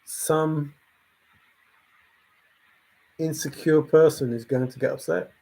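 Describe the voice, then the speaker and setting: A man's voice, slightly higher than most and a little husky, carries a casual opinion rant. He sounds exasperated and animated, circling back to the same points again and again. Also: slow pace. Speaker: channel host.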